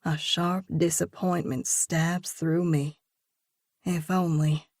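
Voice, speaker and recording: A woman narrating a first-person audiobook in a steady, measured reading voice. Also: fairly low pitch, dry recording, clean studio sound.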